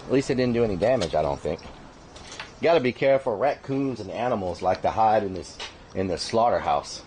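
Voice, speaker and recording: A man's voice: lowish voice, animated, fairly quick, darkish tone, slight background noise. A man hosting a casual outdoor live stream, drawling loose jokes and asides to his chat. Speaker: livestream host.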